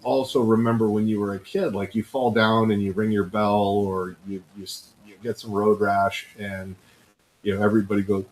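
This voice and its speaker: A man's voice: fairly low pitch, little pitch movement, normal speed, a little hiss or hum, rough recording. A man co-hosting a podcast in casual chat, telling stories and acting out the voices of people he quotes. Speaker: podcast co-host.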